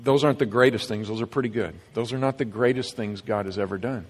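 A man preaching a sermon as pastor, earnest and emphatic, swinging between loud stresses and hushed lines. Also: lowish voice, fast talker. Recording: long reverb of a large hall.

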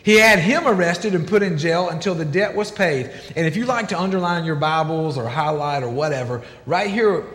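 Animated high-voiced man preaching in a hall. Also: normal speed, hardly any pauses. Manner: animated, acts out quotes in different voices. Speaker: pastor. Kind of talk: sermon. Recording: echoey hall, long reverb.

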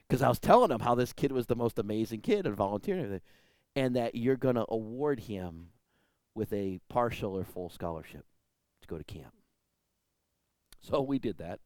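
A man preaching a sermon with stories, lively and conversational, often checking in with "right?" and "you know?". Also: moderate pace, pauses often, dry recording. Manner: lively, swings pitch and loudness for emphasis. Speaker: pastor. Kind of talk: sermon with storytelling.

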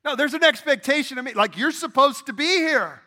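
A middle-aged pastor preaching from a church stage in a lively, conversational way, pulling the congregation into call-and-response. His voice sits high for a man. It has a bright, forceful edge. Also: brisk. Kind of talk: sermon.

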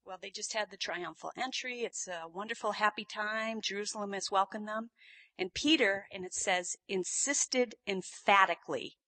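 A woman preaching a sermon, telling the story with lively, animated delivery and sudden loud bursts. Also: medium pitch, normal speed.

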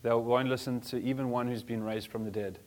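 A man voicing Abraham as a firm, measured patriarch. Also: mid-range voice, steady tone, darkish tone, natural voice.

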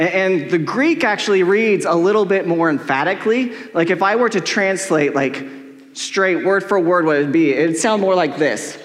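Middle-aged male pastor, high voice, chatty and joking sermon, echoey hall. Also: a bit bright. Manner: casual, joking, heavy use of "like". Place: church hall with long reverb. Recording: echoey church hall with long reverb.

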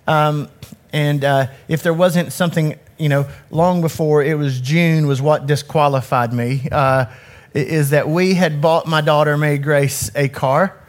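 A man in his forties, a youth ministry director, speaks at a fairly high pitch with fairly even intonation and a measured pace. Holding a handheld mic, he gives an audience a candid, self-critical personal talk, often restarting his sentences.

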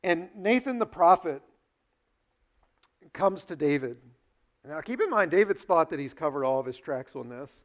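A man preaches a sermon in a fairly high voice. He retells the story with energy and acts out each character's lines, dropping to a hush and then rising to a loud push. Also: lively intonation, moderate pace, pauses often. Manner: storytelling, acts out dialogue with big swings in loudness. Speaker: pastor.

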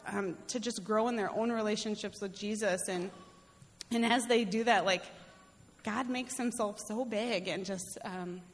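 A woman's voice: mid-range voice, steady tone, unhurried. A middle-aged woman missionary telling a personal faith story in a casual, chatty way, laughing often and restarting her sentences. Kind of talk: casual testimony. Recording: long hall reverb.

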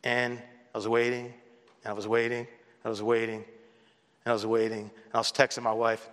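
A man's voice: medium pitch, monotone, moderate pace, a bit bright. A male pastor preaching a sermon in a conversational, storytelling way, now and then imitating others in a raised voice. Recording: long hall reverb.

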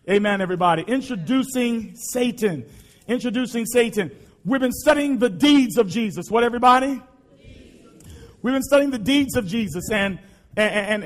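A male pastor preaching a sermon, impassioned and repetitive, often shouting to the congregation. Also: high voice.

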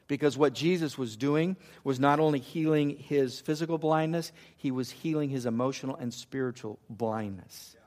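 A man preaching a sermon, swinging from loud emphatic lines to hushed, intimate ones. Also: fairly high pitch. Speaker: pastor.

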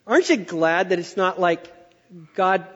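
At a measured pace, a high-voiced, middle-aged pastor gives an animated sermon full of exaggerated storytelling. The sound is muffled and dull, ringing with a long hall reverb like a church sanctuary.

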